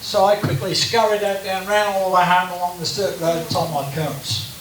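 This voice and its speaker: A man's voice: high voice, level tone, a little fast, fairly bright tone. An Australian man giving a chatty, joking personal talk as guest speaker at a church gathering. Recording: echoey room from a distance, faint hiss.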